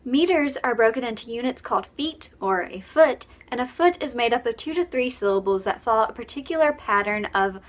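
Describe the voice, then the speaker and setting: A woman's voice: fairly high pitch, animated, a little fast, few pauses. A woman narrating a scripted poetry lesson and announcing each numbered section.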